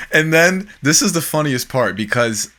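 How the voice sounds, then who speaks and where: Bright-voiced man telling a story. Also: fairly high pitch, a little slow. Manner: animated, profane storyteller. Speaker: podcast host. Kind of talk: casual storytelling chat.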